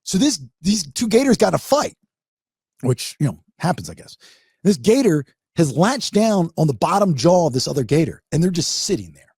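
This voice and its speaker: A man hosting a podcast, telling a story in a casual, animated way and acting out the quotes. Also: a little high, moderate pace, slightly rough, no room sound, studio quality. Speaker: podcast host.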